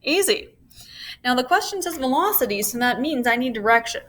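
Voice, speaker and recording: A woman's voice: on the high side, animated, fast talker, a bit bright, slight background noise. A woman teaching a recorded physics lesson, walking through each step and checking in with her students, with playful asides. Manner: walks through steps, checks in with "okay?".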